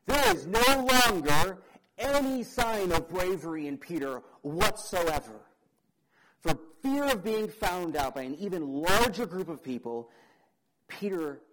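A young man preaching a sermon, dramatic, asking the audience questions and swinging between loud emphasis and quiet. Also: on the high side, expressive, slow pace, poor audio.

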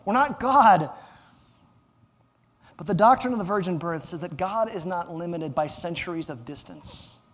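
Man, pastor, sermon, high voice, emphatic repetition, long echo of a church hall. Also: animated, normal speed, fairly bright tone. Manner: emphatic, repeats phrases for stress; asks the congregation to fill in words.

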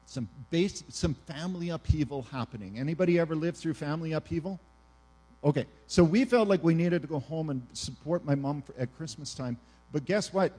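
High-voiced man preaching with animation. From Canada. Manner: animated preaching, swings between loud emphasis and hushed quiet. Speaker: pastor. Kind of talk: sermon.

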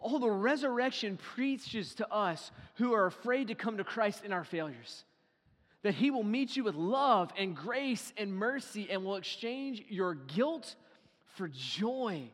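Male pastor with a high voice. Dynamic sermon delivery, from hushed to loud. Long hall reverb. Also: expressive, unhurried. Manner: dynamic preaching, swinging from hushed to loud and acting out quotes.

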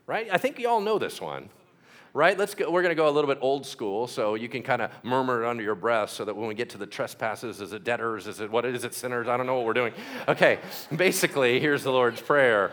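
Animated man preaching a sermon. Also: mid-range voice, fairly quick. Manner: animated, swings from loud to hushed, acts out prayers. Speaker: pastor.

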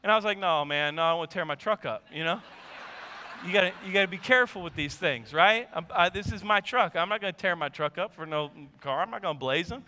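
A pastor in his thirties preaching a sermon and telling a personal story, animated, dropping to low asides and rising to shouted emphasis. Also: fast talker, in a large hall. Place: church sanctuary.

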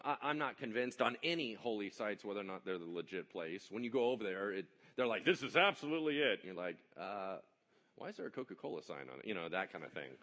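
A man preaching a sermon, telling the story with animated energy and joking asides. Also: fairly low pitch. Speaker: pastor.

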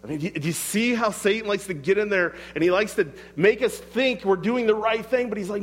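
Male preacher with a high voice, conversational sermon delivery, recorded in a long-reverb hall. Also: fairly quick, hardly any pauses. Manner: conversational, emphatic, rhetorical questions. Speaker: pastor.

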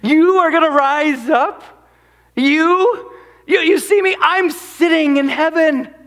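A man's voice: very high-pitched, takes it slowly, fairly bright tone, voice pushed up, heavily acted. A man voicing God in heaven, laughing and mocking the nations condescendingly.

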